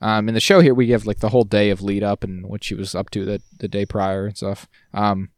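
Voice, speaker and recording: A man co-hosting a casual podcast, talking in an animated, jokey way that often trails off and restarts. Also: lowish voice, a little fast, no room sound, clean studio sound. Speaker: podcast co-host.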